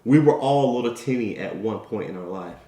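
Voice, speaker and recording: A man's voice: on the low side, animated, brisk, dark tone. Emphatic motivational man in an echoey room. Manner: emphatic, tag questions, storytelling. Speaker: motivational speaker. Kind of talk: motivational talk.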